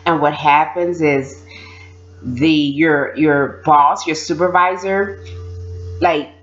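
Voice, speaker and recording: Low-pitched woman, casual animated storyteller, dull lo-fi sound. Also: slow. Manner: animated, mimics voices, laughs while telling. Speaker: former prisoner sharing experiences.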